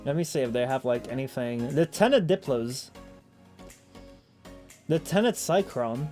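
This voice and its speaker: A man's voice: mid-range voice, lively intonation, a little slow, a little mellow, soft background music. A man streaming, chatting casually and rambling with many fillers and restarts. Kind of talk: casual chat.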